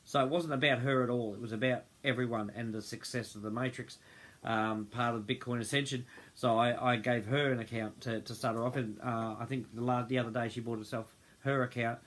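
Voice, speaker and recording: Aussie guy rambling on a livestream, lots of ums, keeps losing his thread, middle pitch. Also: fairly even intonation, brisk, a bit bright. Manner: rambling, loses his train of thought, many ums. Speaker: host of a group livestream. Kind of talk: unscripted casual livestream talk.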